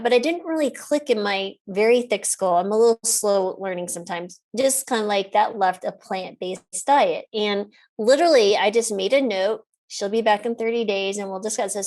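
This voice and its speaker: A middle-aged woman physician, a guest on an interview, telling a story in a lively, casual way. She laughs often and acts out the lines of the people in the story. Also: medium pitch.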